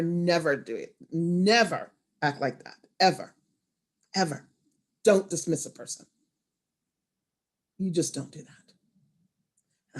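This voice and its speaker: Expressive woman teaching storytellers. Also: lowish voice. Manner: expressive, animated, swings from hushed to loud. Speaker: storytelling workshop presenter. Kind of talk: online workshop teaching.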